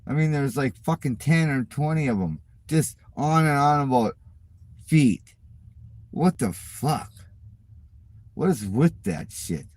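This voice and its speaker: A man's voice: mid-range voice, expressive, a little slow, long pauses, darkish tone, dry recording. A middle-aged man hosting his channel, ranting in a casual, profane and mocking way at viewer comments. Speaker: channel host.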